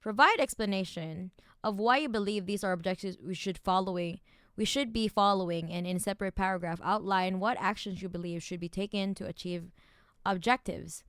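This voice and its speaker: Angry profane streamer woman, crisp and dry. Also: medium pitch, fairly quick, no room sound. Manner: angry, profane, swings between muttered reading and loud ranting. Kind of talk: reacting to and reading out documents.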